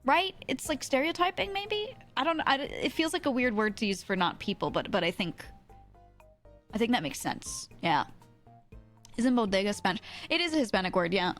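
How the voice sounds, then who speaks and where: A woman's voice: a little high, sing-song, normal speed, a bit bright, faint music behind. A woman from New York chatting casually with her viewers, rambling, swearing and laughing often. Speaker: streamer.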